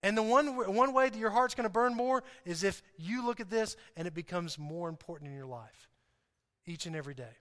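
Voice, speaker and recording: A man preaching a sermon to a congregation in an animated, joking way, often repeating himself and restarting. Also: sits high, brisk. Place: church hall. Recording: hall reverb.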